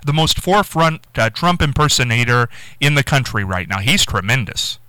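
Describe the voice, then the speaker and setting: A man's voice: mid-range voice, sing-song, normal speed, bright, forceful tone, no echo, low-quality recording. A man hosting a radio show, chatting with his guest, laughing often and feeding him prompts. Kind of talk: casual interview chat.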